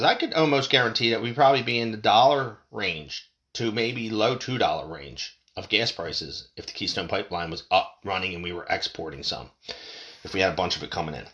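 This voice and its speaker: An American man delivers a fired-up, profanity-laced political rant, his pitch swinging widely as he gets worked up. His voice has a bright, forceful edge. He talks like a podcast host sounding off alone. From United States. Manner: fired-up, ranting, heavy swearing.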